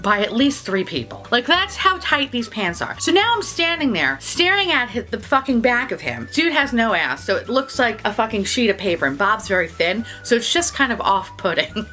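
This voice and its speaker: New York woman vlogger, animated storyteller, bright tone, lots of cursing and laughter. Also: on the high side. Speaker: beauty vlogger. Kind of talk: casual storytelling.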